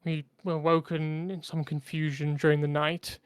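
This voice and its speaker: A man voicing a shaken middle-aged male innkeeper who speaks in heavy, halting phrases. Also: fairly high pitch, little pitch movement, clean tone, no room sound, studio quality, natural voice. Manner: heavy, halting, hesitant speech.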